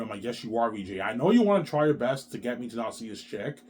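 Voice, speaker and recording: A man's voice: medium pitch, big pitch swings, fast talker, darkish tone. A middle-aged man delivering a profane, repetitive ranting monologue to camera, tacking "man" onto the end of his phrases. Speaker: vlogger.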